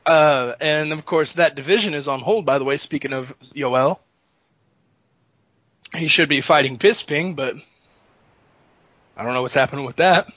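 A man co-hosting a casual sports podcast, animated and jokey, laughing often. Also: fairly high pitch, normal speed, long pauses, no room sound. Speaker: podcast co-host. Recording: dull lo-fi dry sound.

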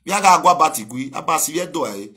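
A man with a husky voice delivering a direct video message, switching between pleading and heated shouting. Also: a little high, animated, quick pace. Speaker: speaker addressing a rival.

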